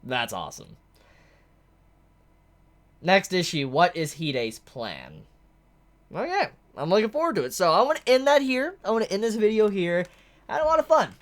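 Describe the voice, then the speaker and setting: Excitable manga fan thinking aloud. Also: medium pitch, moderate pace, long pauses. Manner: excitable, breaks into shouts of delight; thinks aloud, restarts sentences. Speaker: manga reviewer. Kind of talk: reacting aloud while reading a manga chapter.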